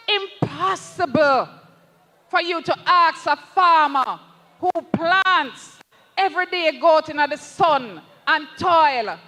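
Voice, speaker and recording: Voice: sits high, bright, forceful tone, in a large hall. A speaker with a Jamaican accent giving an impassioned campaign rally speech, calling the crowd comrades and slipping into patois. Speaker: political candidate at a rally.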